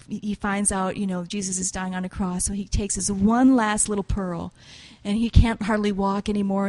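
A woman preaching with earnest emotion, retelling a story in a tearful voice that drops to a hush and rises loudly again. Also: mid-range voice. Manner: tearful, earnest, swings from hushed to loud.

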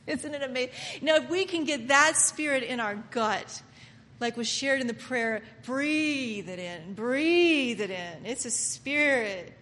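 Animated woman preacher with a high voice, echoey hall, acts out scenes. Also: a little slow. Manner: dramatic, acts out voices, laughs often. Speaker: Bible teacher and preacher. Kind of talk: animated sermon-style Bible teaching.

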